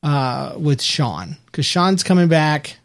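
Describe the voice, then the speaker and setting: A man co-hosting a casual show recap podcast, talking in a rambling, animated way with frequent restarts. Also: on the high side, slow pace, creaky. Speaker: podcast co-host.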